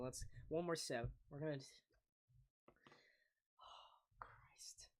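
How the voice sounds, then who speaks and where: Slow-talking male hockey stream commentator. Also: a little high, in a whisper. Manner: excitable, groans and laughs between calls. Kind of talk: live play-by-play reaction stream.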